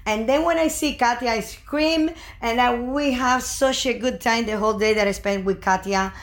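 A woman's voice: a little high, normal speed. Older woman telling a rambling, emotional story. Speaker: guest, mother of the host. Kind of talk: casual family chat.

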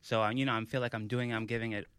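A young man on a podcast, telling an animated story in casual chat, full of fillers. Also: fairly low pitch, rapid-fire, clean tone. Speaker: podcast host.

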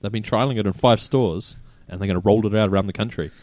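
A man's voice: fairly low pitch, quick pace, dry recording. A man with a New Zealand accent, co-hosting a casual podcast and telling stories animatedly, acting out the voices of the people in them. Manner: animated storyteller, quoting people in raised voices. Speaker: podcast co-host. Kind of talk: casual chat, storytelling.

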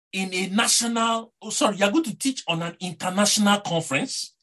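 Husky-voiced Nigerian preacher, animated sermon. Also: male voice, high-pitched, fairly quick, few pauses. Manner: animated, rhetorical, repeats words, asks the congregation "eh?".

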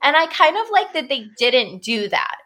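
A woman's voice: sits high, sing-song, normal speed, bright, forceful tone. A young woman from Illinois hosting a casual movie commentary, chatty and gushing, with lots of "like". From Illinois, USA. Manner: chatty and gushing, says "like" a lot. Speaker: podcast host.

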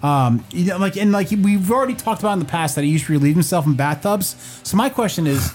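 Joking, swearing podcast host, lively pitch. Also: male voice, fast talker. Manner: joking, loose, swears freely. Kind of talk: casual podcast banter.

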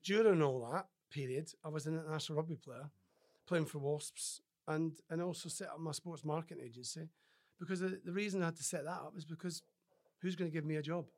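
A man, a former sportsman, talks as a podcast guest, and his speaking voice sits a little high for a man. His tone is casual and animated, and he slips into other people's voices as he tells his stories. His sentences stop and restart around frequent fillers. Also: fairly quick, hardly any pauses. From Scotland. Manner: animated storyteller who acts out other people's lines. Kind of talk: casual interview storytelling.

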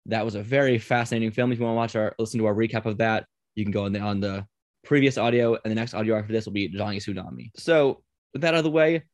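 A man's voice: mid-range voice, no echo, studio quality. A man hosting a casual podcast, chatty and rambling, often laughing. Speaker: podcast host.

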